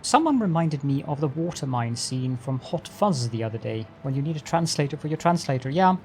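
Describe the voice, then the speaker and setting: In this live-stream gameplay commentary, a man with a fairly high, expressive voice talks briskly as he builds in a factory game. He greets chat with mock-formal politeness and playfully talks himself through every step, over slight background noise.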